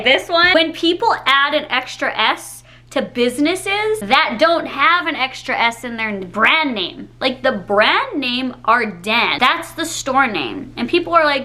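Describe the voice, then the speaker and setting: A young Canadian woman vlogging casually to her viewers, chatty and animated, laughing often and saying "like" a lot. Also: a little high, moderate pace. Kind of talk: casual ranting chat to camera.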